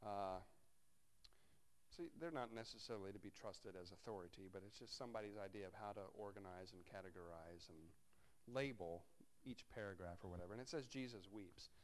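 A man's voice: lowish voice, a little fast. Man preaching a conversational sermon. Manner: conversational, wry asides while reading scripture. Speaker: pastor.

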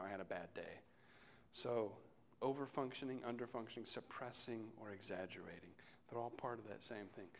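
A male pastor giving a sermon in a relaxed, conversational way, often trailing off softly at the ends of phrases. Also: mid-range voice. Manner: conversational, reflective, often dropping to a soft close.

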